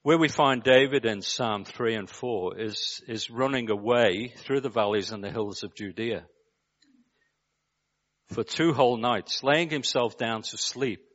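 A preacher from Liverpool with a Scouse accent, giving a measured sermon and putting rhetorical questions to his listeners. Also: medium pitch, fairly bright tone, highs cut off. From Liverpool, England.

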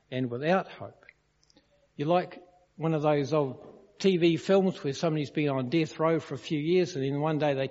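A man's voice: a little high, darkish tone. A man preaching a sermon, explaining a verse and telling stories to illustrate it. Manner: storytelling, questions the congregation. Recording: dull lo-fi recording in a reverberant hall.

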